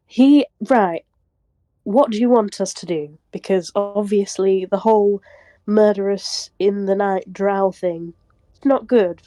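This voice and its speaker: Woman, tabletop player, slow, mellow, hesitant, laughs a lot. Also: medium pitch, dry recording. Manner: hesitant, laughs often, trails off. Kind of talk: tabletop game chat.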